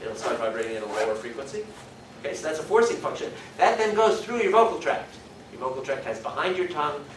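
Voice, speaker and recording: A man's voice: on the high side, distant mic, slight background noise. Man lecturing in an echoey hall. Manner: explanatory, thinks aloud, demonstrates vowel sounds. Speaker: university lecturer. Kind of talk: classroom lecture.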